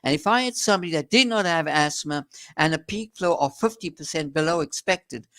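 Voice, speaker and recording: Emphatic South African man, higher pitch. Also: a bit bright. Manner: earnest, emphatic, frequent restarts. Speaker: doctor being interviewed. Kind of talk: explanatory interview talk.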